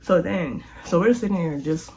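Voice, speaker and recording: Animated young storytime vlogger. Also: medium pitch, moderate pace, rough recording. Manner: animated, acts out quotes, says "like" and "da da da" a lot. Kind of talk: casual storytelling.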